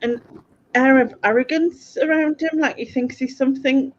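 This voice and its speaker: A woman's voice: high voice, normal speed, a little hiss or hum. A woman, a guest in a casual chat who rambles and hesitates. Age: 40s. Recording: dull, muffled call audio.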